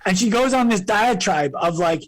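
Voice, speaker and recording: A man appearing as a podcast guest, telling stories in an animated way and acting out other people's lines. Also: high-pitched, normal speed, rough recording. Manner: animated storyteller, acts out quoted voices. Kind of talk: storytelling in interview.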